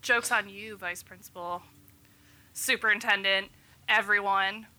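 A physician in her thirties guests on a relaxed podcast, dramatizing quotes in a story she shares. Her medium-pitched voice is steady and unhurried, with a bright, forceful tone.

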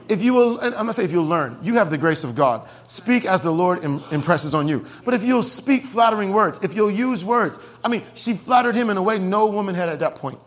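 Animated preacher man, echoing church hall. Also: high voice. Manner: animated, repeats phrases for emphasis, jokes with congregation. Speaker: pastor. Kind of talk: sermon. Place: church sanctuary. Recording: long hall reverb.

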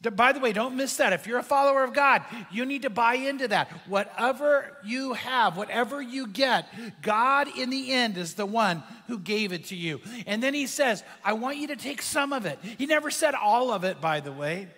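A man with a high, bright voice, preaching a sermon to his congregation. His delivery is impassioned, with pitch and volume that swing for emphasis, and his voice carries a long reverb from a large hall. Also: expressive, moderate pace, few pauses. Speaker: pastor.

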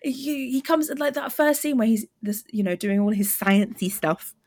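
A woman's voice: high-pitched, moderate pace, darkish tone. A British woman guesting on a casual film podcast, giggly and playful, slipping into mock voices. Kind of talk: casual film review chat.

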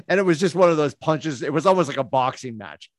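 A man's voice: a little high, animated, brisk, no room sound. A man, co-hosting a casual sports podcast in a home studio, talking in long rambling tangents full of filler words. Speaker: podcast co-host. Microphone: studio podcast mic.

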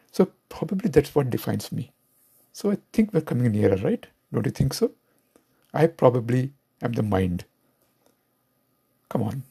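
Gravelly, husky Indian-accented man. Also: mid-range voice, dark tone. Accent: Indian English. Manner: questioning, rhetorical. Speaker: spiritual teacher. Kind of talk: reflective spoken talk.

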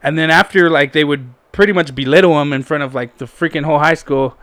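A young man spins a meandering story from his school days, swearing freely and leaning on fillers. His voice sits a bit high and sounds smooth and resonant. He is recorded close-up in a dry, quiet room. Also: quick pace, dry recording. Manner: rambling, profane, full of fillers. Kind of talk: casual storytelling chat.

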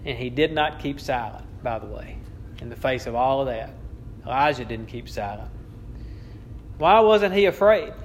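A man's voice: mid-range voice, expressive, normal speed, long pauses, slight background noise. A man preaching a sermon, with an emphatic, repetitive cadence and a touch of wry amusement. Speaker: pastor.

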